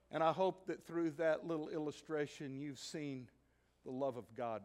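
A man preaching a sermon as pastor in a church, telling a story with animated delivery and sudden shouted emphases. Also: on the high side, moderate pace, few pauses. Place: church sanctuary.

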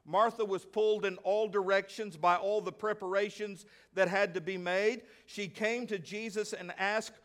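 Animated high-voiced male pastor preaching. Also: moderate pace, few pauses. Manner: animated, acts out voices and asks the congregation questions. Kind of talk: sermon.

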